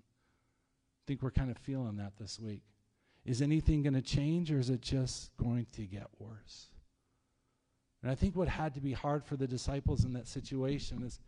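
A man preaching a sermon as pastor, telling stories in a lively, conversational way. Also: mid-range voice, normal speed. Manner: storytelling, animated, conversational preaching. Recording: long hall reverb.

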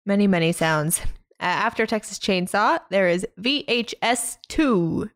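A woman's voice: medium pitch, animated, measured pace, no room sound. A woman co-hosting a podcast in casual chat, dry and teasing, often laughing. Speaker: podcast co-host.

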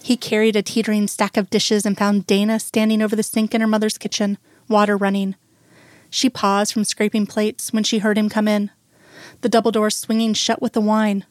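A woman narrating a story with a slow, measured reading. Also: mid-range voice, completely flat delivery, dry recording. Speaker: audiobook narrator. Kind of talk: scripted narration of fan fiction.

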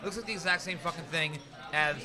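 A man's voice: a little high, fast talker, crowd noise. A man co-hosting a casual podcast, ranting with profanity and repeating himself. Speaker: podcast co-host.

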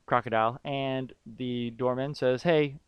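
A man with a smooth, resonant voice, talking loosely and jokingly as he recaps a film scene by scene. The sound is dry and close, with no room around him. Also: medium pitch, moderate pace, dry recording, dull audio. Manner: rambling, jokey, recaps scenes with lots of fillers. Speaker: podcast co-host. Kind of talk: casual movie-recap chat.

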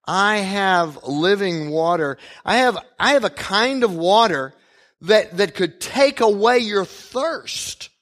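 A calm, earnest Jesus speaks patiently and unhurriedly, his voice slightly raised, as a preacher puts him on. He stays steady and unruffled while he explains and gently presses. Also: sits high, slow, voice pushed up, exaggerated voice.

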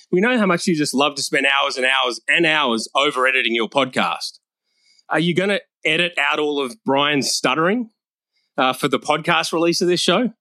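A brash male comic tearing through a profane roast set, mocking his targets without pause. His voice is bright and tense, pitched a touch high, and recorded close and dry. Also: no room sound. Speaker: roast comedian. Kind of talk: crude comedic roast monologue.

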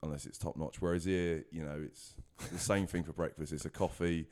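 A man chats as a guest, blunt and cheerful, swearing now and then. His voice sits very low. He laughs easily between points. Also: fairly even intonation, fairly quick, a little mellow. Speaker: guest rugby player. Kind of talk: casual interview chat.

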